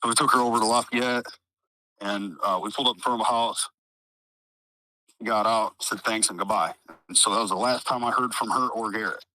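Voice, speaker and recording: A man's voice: lowish voice, fairly even intonation, brisk, long pauses, bright, forceful tone, no room sound, poor audio. A man with a Midwestern American accent telling a story in an interview, rambling with lots of fillers, swearing freely and acting out what people said. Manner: profane, rambling, uses many fillers; acts out quoted dialogue. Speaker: interviewee, trial witness.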